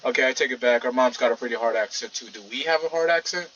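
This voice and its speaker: A man with a medium-pitched, slightly bright voice talks fast while casually commentating a video game playthrough, rambling and talking back to the game in let's-play style. A poor, distant mic gives dull lo-fi sound, with a faint fan humming in the background.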